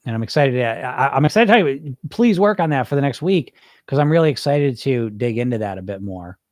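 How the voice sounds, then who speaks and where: Energetic rambling male coach, dry sound. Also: mid-range voice, brisk, no room sound. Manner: energetic, rambling, frequent restarts and asides. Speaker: weight loss coach and podcast host. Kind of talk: casual live Q&A talk.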